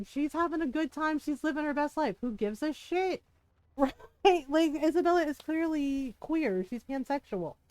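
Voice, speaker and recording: A woman's voice: a little high, darkish tone, dry recording. A woman game streamer in casual livestream chat, ranting heatedly, swearing often and breaking into laughs.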